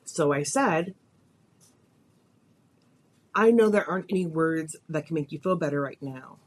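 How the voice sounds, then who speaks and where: A woman's voice: deep voice, animated, measured pace. A woman hosting a podcast, telling a personal story in a confessional, emotional way, her voice rising and falling with feeling. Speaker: podcast host.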